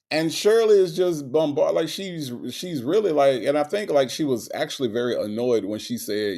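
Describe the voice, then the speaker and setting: Guy hosting a commentary show, blunt and cussing a lot, voice a little on the high side. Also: moderate pace. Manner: animated, blunt and profane, nitpicking words. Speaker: host reacting to a radio clip. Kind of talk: casual profane commentary.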